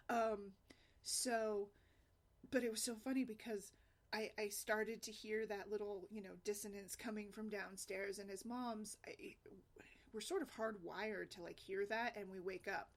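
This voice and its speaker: A woman's voice: medium pitch, fairly even intonation, moderate pace. A woman blogger casually telling a personal family story, rambling with fillers and frequent laughter. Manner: chatty, rambling, laughs often, many fillers. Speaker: single mom blogger.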